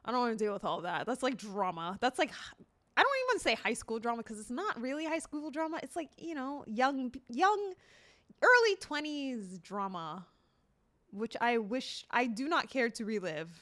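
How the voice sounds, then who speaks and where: Bright, animated young woman streamer. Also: high-pitched, moderate pace. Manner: animated, laughing storytelling with swearing. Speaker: livestreamer. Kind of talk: casual chat with viewers.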